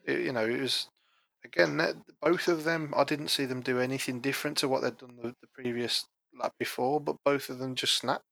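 A man's voice: mid-range voice, steady tone, brisk, gravelly, a bit bright. A man co-hosting a casual podcast who chats and adds joking asides. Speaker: podcast co-host. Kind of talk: casual chat.

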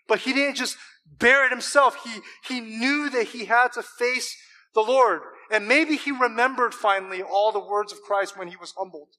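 Male pastor, sermon, emphatic, rhetorical questions, high voice, bright tone.

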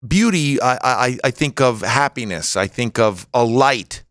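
A man's voice: medium pitch, expressive, unhurried, a bit bright, no room sound. Middle-aged man, podcast guest, loose self-deprecating joker, lots of ums, dry close recording. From United States. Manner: rambling, self-mocking, jokey storytelling with many fillers. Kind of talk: casual podcast chat.

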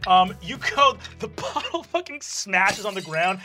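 Lively man running a tabletop game. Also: high-pitched, faint music behind. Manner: lively, quick narration with laughs. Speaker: game master.

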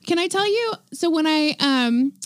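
A woman in casual chat, enthusiastic, laughing often and chiming in with quick agreement. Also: sits high, animated.

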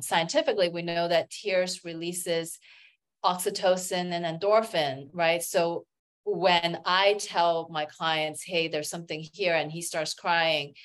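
A woman working as an acupuncturist and healer, telling stories as a guest in a casual interview, with many "you know" fillers. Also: lowish voice.

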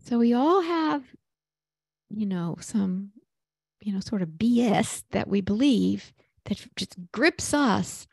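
A woman leads prayer at an unhurried pace, her voice husky and breathy, slipping into half-whispers. She talks conversationally, like she's telling a story to a friend, then settles into meditative prayer. The sound is close and dry, with no room around it. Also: mid-range voice, lively intonation, a little mellow, no echo. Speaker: prayer podcast host. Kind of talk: spiritual teaching and guided prayer.

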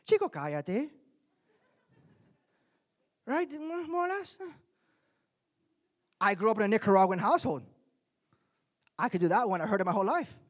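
A man preaches from the pulpit, his voice rising and falling through a wide, animated range. He moves between soft, conversational asides and loud, emphatic points as he drives his message home. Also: high-pitched, a little fast, long pauses. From Miami, United States. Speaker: pastor. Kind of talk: sermon.

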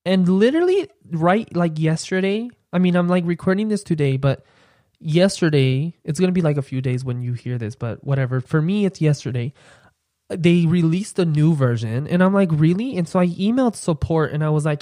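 A man's voice: animated, brisk, no echo, clean studio sound. Campy, chatty young man podcaster. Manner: chatty, campy, playful asides to listeners; drops into a low, quiet "sweetie" aside. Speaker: podcast host. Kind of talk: casual solo podcast chat.

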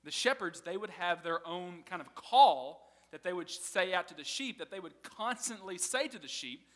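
A man's voice: high-pitched, lively intonation, normal speed, a bit bright, in a large hall. A man preaching a sermon in a casual, conversational way, often laughing as he teaches. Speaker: pastor.

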